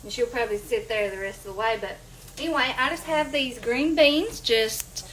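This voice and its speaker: Her voice is a little high and fairly bright, moving at a moderate pace, as she hosts a casual cooking demo in her home kitchen and chats to viewers as "y'all." A slight hiss or hum sits under the echoey, distant-mic sound, along with sizzling and frying on the stove.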